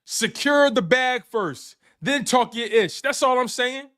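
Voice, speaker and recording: High-voiced man hosting a sports show. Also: measured pace. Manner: animated, repetitive, playful trash talk to chat. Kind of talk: casual live-stream sports talk.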